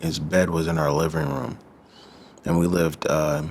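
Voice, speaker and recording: Man from the midwest, very low voice, loose filler-heavy talk, earnest guest. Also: unhurried, creaky, a little hiss or hum. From Midwestern United States. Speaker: physician assistant guest. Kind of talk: casual conversation.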